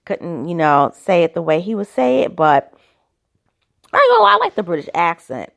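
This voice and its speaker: A woman's voice: lowish voice, wildly swooping pitch, normal speed, vocal fry, fairly bright tone. A woman talking through casual, opinionated commentary, asking skeptical rhetorical questions, her throat a little dry. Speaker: commentary vlogger.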